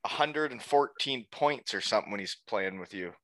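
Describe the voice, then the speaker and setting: A man's voice: lowish voice, animated, normal speed, fairly bright tone. A man from Canada hosting a casual interview, joking and laughing as he asks his questions. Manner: jokey, laughs at his own quips. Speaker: podcast host.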